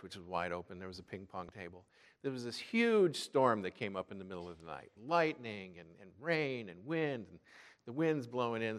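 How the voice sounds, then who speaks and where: A middle-aged man from the Chicago area, an Episcopal priest giving a sermon in a church, telling a personal story in a relaxed way with fillers and repeated words. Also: medium pitch, long reverb tail.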